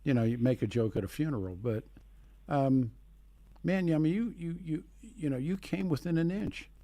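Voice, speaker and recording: A man's voice: a little high, moderate pace, dark tone, no echo. A man hosting a talk radio show, commenting earnestly on his guest's story. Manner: reactive, short interjections and earnest comments.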